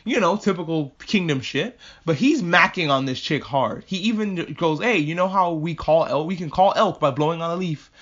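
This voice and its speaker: Podcast host, male, slightly high-voiced; joking, swearing recap of a story, dull low-fi sound. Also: normal speed, few pauses, fairly bright tone. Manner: profane, jokey, acts out characters' lines. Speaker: podcast host reviewing an anime. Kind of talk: casual recap and commentary. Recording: dull lo-fi recording.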